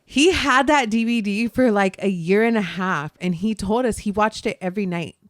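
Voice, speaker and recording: A young woman talks casually on a podcast, laughing easily between thoughts. Her voice sits in a middle range and goes soft and low when she gets reflective. The sound is dry and close, with no room around it. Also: normal speed, no room sound. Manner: chatty, laughs often, trails off softer when reflective. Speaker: podcast co-host. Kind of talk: casual chat.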